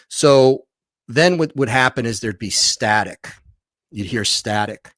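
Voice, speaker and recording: A man's voice: medium pitch, a little slow, clear, resonant tone, no echo, studio quality. A man, a documentary filmmaker and author, recounts a story as a podcast guest, restarting and repeating himself as he goes. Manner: animated retelling with frequent restarts and repeats.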